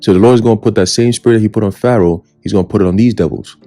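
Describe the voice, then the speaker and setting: A man preaches a scripture sermon in a lowish, dark-toned voice at a rapid-fire pace over soft background music. He is emphatic and full of rhetorical questions, often checking in with "okay?" and "right?", and at times he turns mocking and taunting.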